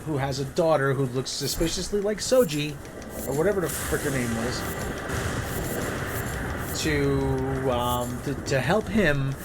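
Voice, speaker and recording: A man's voice: mid-range voice, a little slow, long pauses, noisy background. A man co-hosting a casual show, rambling with frequent restarts. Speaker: co-host. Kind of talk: casual podcast chat.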